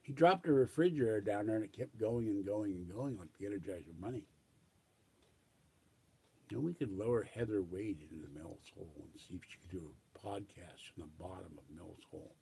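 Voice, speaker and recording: An older man musing aloud in a rambling casual monologue, reminiscing and often trailing off quietly. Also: lowish voice, brisk, gravelly, slightly rough.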